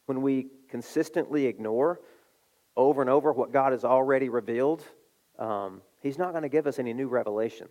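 A middle-aged man preaching a sermon, telling a story with animated delivery and acting out the voices. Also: mid-range voice, a little fast. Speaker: pastor.

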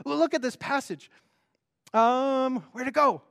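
High-voiced pastor preaching conversationally. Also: male voice, unhurried, vocal fry. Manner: conversational, animated, with frequent restarts and rhetorical questions. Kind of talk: sermon.

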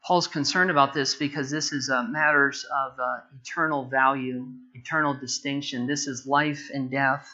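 A man preaching a sermon, moving from quiet prayerful reflection to loud, emphatic, impassioned preaching. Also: mid-range voice, steady tone, moderate pace, few pauses, highs cut off. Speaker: pastor.

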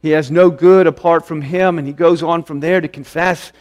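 A man preaching a sermon in an earnest way, slowing down and repeating phrases for emphasis. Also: a little high, fairly even intonation, a little mellow. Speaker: pastor.

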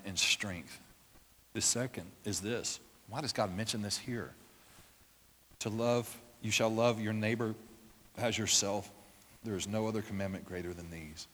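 A man preaching a sermon as a pastor, with impassioned prayer that builds toward shouting. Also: fairly low pitch. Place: church. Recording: long reverb of a church hall.

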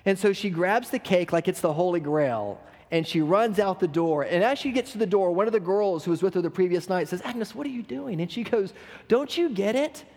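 A man's voice: high voice, animated, fairly quick, hardly any pauses, darkish tone. A man preaching a sermon as pastor, telling a story earnestly with some repeated words. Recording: long hall reverb.

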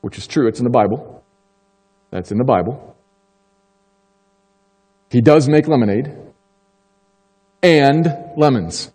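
Emphatic preacher in a reverberant hall. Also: male voice, mid-range voice, expressive, dark tone, husky. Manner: emphatic, slows down to stress key phrases. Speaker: pastor. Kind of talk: sermon.

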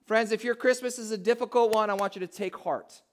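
A man preaching a heartfelt sermon to his church as pastor, dropping soft and rising loud. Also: high voice, fairly even intonation, brisk.

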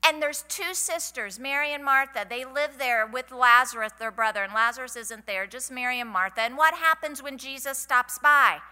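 A woman's voice: high voice, moderate pace, few pauses, sharp tone, clear, resonant tone. A middle-aged woman, giving a folksy, chatty sermon at a women's conference and asking the audience questions. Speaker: conference speaker. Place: large hall. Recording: hall reverb from a live event.

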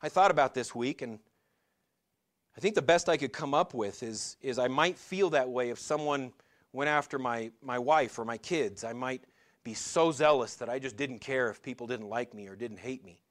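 A middle-aged male pastor giving a sermon in a conversational way, asking the congregation questions and slowing down to stress key lines. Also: mid-range voice. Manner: conversational preaching with rhetorical questions and slowed emphatic lines.

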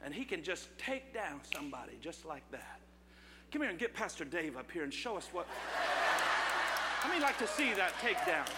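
A male pastor preaching an impassioned sermon at a church service, rising to shouts. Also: high voice, long reverb tail, heavy background noise.

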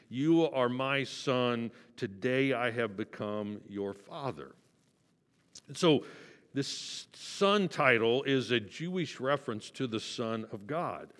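A male pastor giving a sermon, teaching conversationally and asking the listeners rhetorical questions. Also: medium pitch. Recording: long reverb of a large hall.

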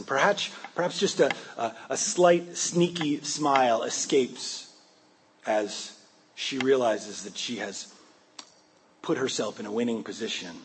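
A man's voice: medium pitch, measured pace, slight background noise. A male pastor preaching a sermon, retelling a Bible scene vividly and often restarting his words. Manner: vivid storytelling with frequent restarts. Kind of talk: sermon with dramatic storytelling.

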